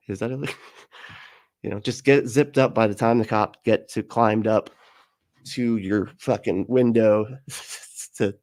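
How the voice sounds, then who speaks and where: A man's voice: lowish voice, darkish tone. A man hosting a livestream, reading chat comments in a rambling, jokey way and laughing often.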